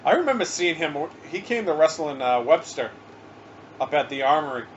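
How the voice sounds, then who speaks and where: A man's voice: a little high, sing-song, fairly quick. A man co-hosting a podcast in casual chat, telling crude stories full of swearing and laughter. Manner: profane storyteller, laughs through his stories. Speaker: podcast co-host. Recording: muffled, noisy home podcast recording.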